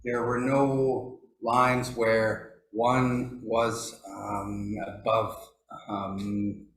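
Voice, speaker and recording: A man telling stories at a forestry workshop, pausing often with fillers and lifting his pitch when he quotes elders. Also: little pitch movement, a little hiss or hum. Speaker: workshop speaker. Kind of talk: storytelling talk. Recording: echoey room.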